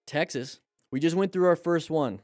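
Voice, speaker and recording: A man's voice: on the high side, moderate pace, a little mellow, dry recording, clean studio sound, soft background music. A man hosting a casual livestream as a riding instructor, upbeat and chatty, greeting viewers by name and reading out comments.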